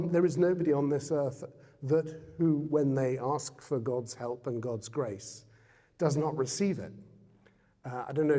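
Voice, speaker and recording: A man speaks conversationally to an audience as a guest speaker, now and then turning questions back on his listeners. His voice is mellow and relaxed. It is heard through a hall with a long, echoing reverb. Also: medium pitch. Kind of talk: public talk to an audience. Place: Jesuit centre hall.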